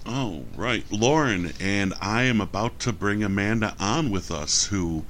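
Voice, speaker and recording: A man's voice: on the low side, lively intonation, unhurried, a bit bright, a little hiss or hum. A man with a New York accent hosting a podcast, enthusiastic and rambling. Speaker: podcast host. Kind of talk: podcast interview.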